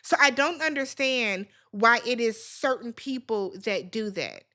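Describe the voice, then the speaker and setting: A woman's voice: fairly high pitch, animated, measured pace, sharp tone. A woman hosting a reality TV recap, talking casually and bluntly, swearing freely as she gives her opinions.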